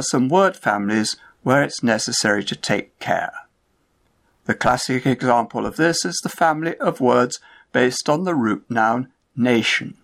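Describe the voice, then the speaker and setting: A man giving a scripted pronunciation lesson, enunciating each example word in a slow, measured way. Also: medium pitch, gravelly. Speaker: pronunciation teacher. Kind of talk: scripted instructional narration.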